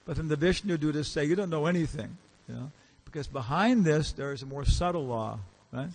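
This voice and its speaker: Animated and fairly quick, this man's voice sits on the high side as he lectures as a guest in a temple hall. He tells stories casually, voicing the people he quotes and quizzing his listeners.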